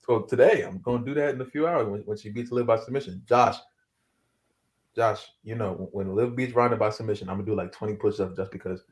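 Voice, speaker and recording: A man's voice: on the low side, fast talker, darkish tone, slight background noise. A man co-hosting a podcast, talking casually in slang with frequent restarts. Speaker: podcast co-host.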